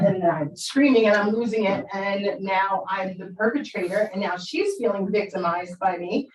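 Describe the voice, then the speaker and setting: A woman's voice: medium pitch, normal speed. A middle-aged woman speaking to an audience about parenting, telling stories and acting out the voices in them. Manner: animated, acts out quoted voices. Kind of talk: storytelling talk to an audience. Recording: roomy sound from far off the mic.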